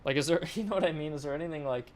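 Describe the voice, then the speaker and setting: A man's voice: fairly high pitch, racing, a little mellow. A man on a dev livestream giving casual, mumbled feedback on artwork, repeating short approvals. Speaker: game developer streaming.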